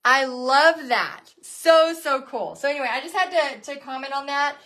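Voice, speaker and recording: A woman's voice: sits high, moderate pace, sharp tone. A woman hosting a live painting lesson and business coaching session, chatting in a bubbly, gushing way.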